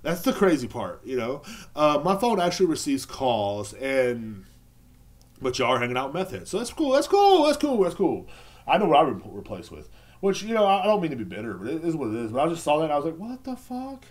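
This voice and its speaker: A man hosting a casual beer podcast, telling a sarcastic, profane story with a lot of rambling. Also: fast talker. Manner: lively pitch jumps when mimicking others. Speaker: podcast host.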